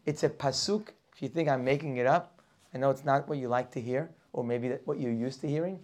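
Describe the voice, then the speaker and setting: Male teacher giving a lively Torah class, asking rhetorical questions and acting out characters. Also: mid-range voice, a little fast. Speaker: rabbi teaching a weekly class.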